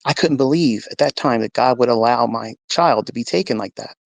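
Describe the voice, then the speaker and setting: A brisk, medium-pitched male voice with vocal fry, recorded dry. The speaker, a trading mentor, earnestly and religiously tells an online audio-chat audience his faith testimony, performing his own earlier words along the way.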